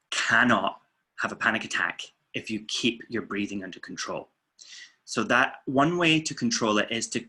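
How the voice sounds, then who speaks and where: A man, a weight-loss coach, calmly guiding listeners through muscle tensing and breathing exercises. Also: medium pitch, slightly rough. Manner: calm, steady counting and coaching. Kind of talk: guided relaxation instructions. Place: indoors, filming himself.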